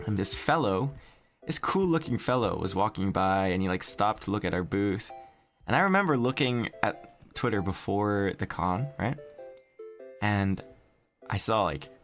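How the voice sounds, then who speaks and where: A man's voice: lowish voice, animated, unhurried, fairly bright tone, soft background music. Rambling young man streaming, swearing casually. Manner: rambling, laughing, swearing storyteller.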